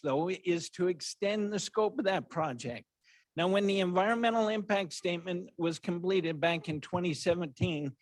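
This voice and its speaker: A man's voice: high voice, no echo. A man presenting transportation projects at a council meeting, reading steadily with a few self-corrections. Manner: steady, plain delivery with occasional self-corrections.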